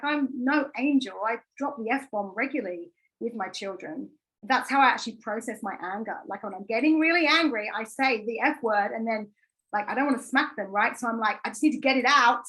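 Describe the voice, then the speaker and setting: A woman's voice: on the high side, fairly bright tone, poor audio. A woman in her thirties, a wellbeing coach giving a conversational masterclass, earnest and candid, full of "like" and restarts. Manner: chatty, filler-heavy with frequent "like" and restarts.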